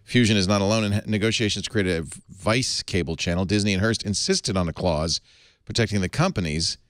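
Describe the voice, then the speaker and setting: A man's voice: fairly low pitch, a little fast, dry recording, studio quality. A man hosting a casual tech podcast, reading news stories aloud with many fillers and chuckles. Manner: animated, reads news aloud with fillers and laughs. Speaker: host.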